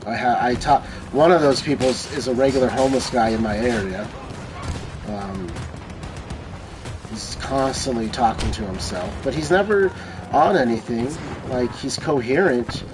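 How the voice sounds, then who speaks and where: Brief: a male streamer chatting aimlessly mid-game, mid-pitched and offhand, gunfire noise under the voice. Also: normal speed. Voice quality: loose, rambling, swears casually. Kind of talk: casual rambling chat while gaming. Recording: noisy, with game gunfire behind.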